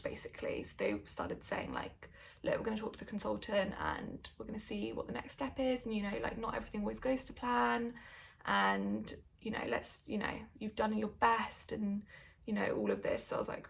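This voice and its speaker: A woman's voice: mid-range voice, vocal fry. A young woman telling a personal story in a candid, chatty way. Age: young adult. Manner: candid, chatty, lots of likes and ums. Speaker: vlogger.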